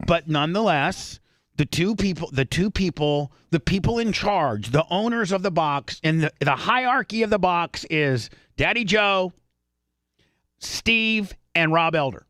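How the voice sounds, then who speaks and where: A man in a radio studio tells a long story in a rambling, animated way, full of restarts and asides. His voice sits a little high for a man. The sound is close and dry, with no room around it. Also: a little slow, dry recording. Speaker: radio show host. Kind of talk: casual radio talk, storytelling. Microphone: studio microphone.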